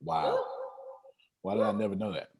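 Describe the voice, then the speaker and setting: A man's voice: lowish voice, moderate pace, background noise. A man hosting an online meeting on a video call, talking in a casual motivational way with streetwise slang and a lot of repetition. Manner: animated, streetwise slang, repeats himself.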